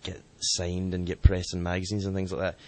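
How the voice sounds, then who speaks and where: A bassist with a deep voice who weighs his words and hedges as he goes. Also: monotone, warm tone. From Scotland. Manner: measured, hesitant. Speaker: band bassist. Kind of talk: casual interview answers.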